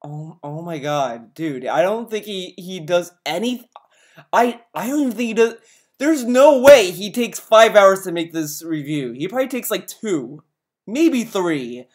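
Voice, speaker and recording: A man's voice: sits high, lively intonation, measured pace. A man hosting a casual reaction video, ranting in exasperation and swearing freely. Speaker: video host reacting to a review.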